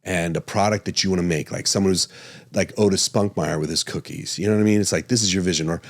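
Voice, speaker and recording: A man talks on his podcast in a casual, animated way. His voice sits on the lower side, and he chuckles and stumbles into self-corrections as he thinks aloud. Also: quick pace. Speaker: podcast host and physician.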